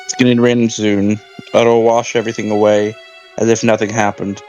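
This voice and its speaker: A man's voice: fairly low pitch, little pitch movement, moderate pace, warm tone, highs cut off, soft background music, lightly acted. Man playing a grim, resigned father. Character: grim, weary father covering up a death.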